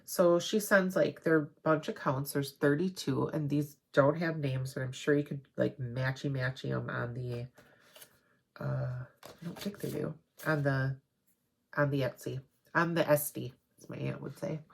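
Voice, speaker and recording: A woman hosting a crafting video, chatting casually and rambling excitedly as she shows off her haul. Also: extremely low pitch, a little slow, creaky, breathy edge. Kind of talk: casual show-and-tell haul.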